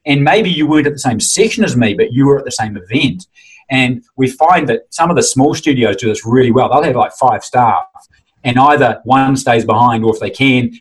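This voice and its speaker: A man's voice: medium pitch, breathy edge, low-quality recording. A man who runs a fitness convention, chatting enthusiastically and acting out quotes as he tells stories. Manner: enthusiastic, animated storytelling with mimicked quotes. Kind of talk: casual conversation.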